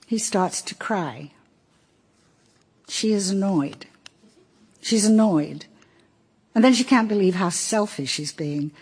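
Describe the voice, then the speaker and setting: A woman narrating an audiobook in a wry, measured storytelling voice. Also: mid-range voice, lively intonation, a little mellow, husky. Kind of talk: audiobook reading.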